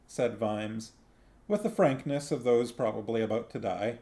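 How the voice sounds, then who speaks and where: A man reading a novel aloud on a stream, narrating slowly. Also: on the low side, mellow. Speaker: reader on a stream.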